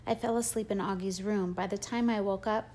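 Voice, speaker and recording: A woman's voice: mid-range voice, fairly even intonation, fairly quick, darkish tone, a little hiss or hum, lightly acted. A woman voicing a worried middle-aged mother, anxious and pleading, in an audiobook reading.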